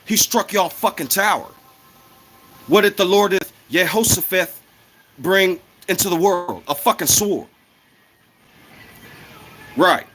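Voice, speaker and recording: Heated high-voiced man ranting. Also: slow, pauses often, bright, forceful tone. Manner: heated, profane, repetitive. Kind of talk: casual monologue rant.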